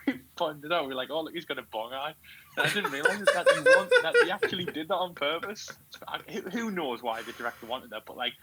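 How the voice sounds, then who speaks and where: A man's voice: mid-range voice, a little hiss or hum, low-quality recording. A man from New Zealand, a podcast co-host on a video call, rambling and laughing through casual stories. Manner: rambling, laughing, excitable storytelling. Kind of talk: casual chat.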